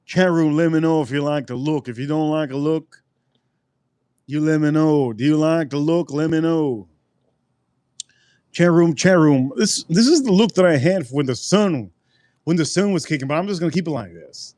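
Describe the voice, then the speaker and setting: A man's voice: on the high side, darkish tone, no echo, clean studio sound. A man hosting a casual live stream, rambling and repeating his phrases as he talks straight to his chat. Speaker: livestream host reviewing drinks.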